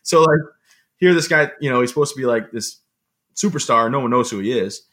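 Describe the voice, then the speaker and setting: A man telling stories as an interview guest, in an animated, rambling conversational way. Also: mid-range voice. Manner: fast, animated storytelling with rambling asides. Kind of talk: conversational storytelling.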